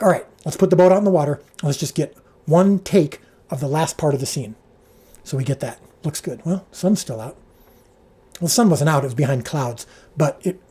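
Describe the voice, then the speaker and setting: A man with a slightly high, husky voice tells a lively behind-the-scenes story on a livestream. His tone stays mellow and soft-edged. He stumbles and restarts often, and his pitch jumps when he quotes the crew. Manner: animated anecdote, jumps up in pitch when quoting people; frequent restarts and filler words. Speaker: show creator and director.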